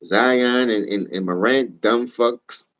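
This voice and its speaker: On a casual sports livestream, a tired man with a New Orleans accent rants profanely and heatedly, taking it slowly. He jumps between low mumbles and loud shouting.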